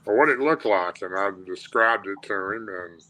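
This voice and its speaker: Radio guest: man, Tennessee drawl, bright, tense voice, plain-spoken storyteller who restarts his sentences. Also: on the low side, animated, normal speed, poor audio. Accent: Southern US, Tennessee. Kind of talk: telling a personal encounter story.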